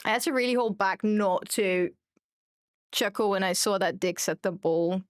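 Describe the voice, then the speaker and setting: In this casual gaming stream, a young German woman reads viewer comments out loud and makes self-mocking jokes. Her voice is medium-pitched and moderately paced, captured in clean studio sound with no room sound.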